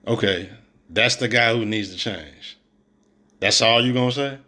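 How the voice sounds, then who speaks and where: Blunt, bright-voiced sports ranter. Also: male voice, fairly low pitch, measured pace. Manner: blunt, exasperated, slangy, mocking. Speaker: sports commentator reacting to clips. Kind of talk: opinionated reaction commentary.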